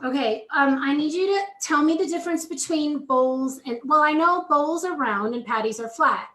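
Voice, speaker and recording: A woman's voice: high voice, normal speed, pushed and bright, reverberant. A woman hosting a live cooking chat from her home kitchen, talking casually and giggling as she cooks.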